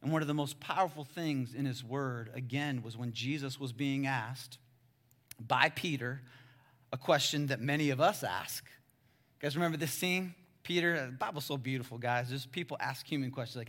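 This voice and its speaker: A male pastor preaching a sermon in a conversational way, calling the crowd guys and swinging between hushed and loud. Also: medium pitch, normal speed.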